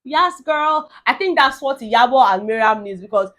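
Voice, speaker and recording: Young Nigerian woman vlogger, sassy and animated, voice sitting a bit high. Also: a little fast. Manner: sassy, animated, mock-quoting others. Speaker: reality TV recap vlogger. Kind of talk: casual commentary mixing Pidgin.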